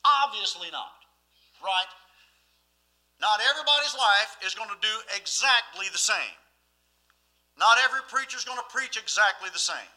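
Preacher guy, high voice, real sharp and bright, folksy, keeps asking the crowd questions. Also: lively intonation, normal speed, long pauses, low-quality recording. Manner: folksy, emphatic, full of rhetorical questions to the congregation. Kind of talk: sermon.

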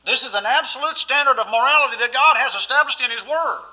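A man's voice: very high voice, fast, pushed and bright, low-quality recording. A man preaching a sermon as pastor, emphatic and often asking the listeners questions.

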